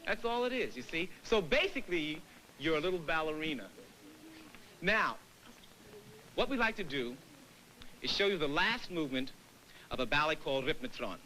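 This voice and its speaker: A man's voice: fairly high pitch, very animated, moderate pace, pauses often, bright, forceful tone, a little hiss or hum, poor audio. A man leading a dance lecture-demonstration on stage before an audience, counting beats and scatting rhythms aloud as he teaches. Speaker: dance company director.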